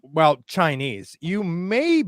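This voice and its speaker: A man's voice: a little high, sing-song, slow, no echo, clean studio sound. A man in a casual podcast chat, teasing and bantering with the others. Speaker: podcast guest.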